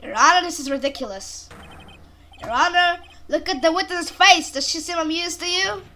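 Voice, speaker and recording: A woman's voice: very high voice, moderate pace, pushed and bright, slight background noise. A woman voicing a determined young male defense lawyer who asks pointed, accusing questions. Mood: pressing.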